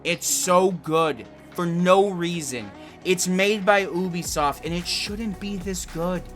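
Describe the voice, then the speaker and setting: A man reviewing a video game in a casual, excitable way, swearing a lot and rambling. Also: high voice, slow, soft background music.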